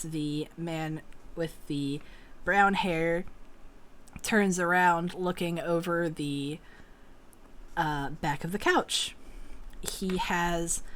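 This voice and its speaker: A woman narrating a tabletop game as game master, joking about her character voices. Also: lowish voice. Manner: laughs easily, jokes about her voices.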